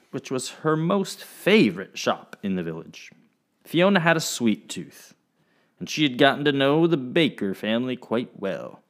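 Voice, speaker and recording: A man narrating a storybook episode in an expressive, animated storytelling manner. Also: medium pitch.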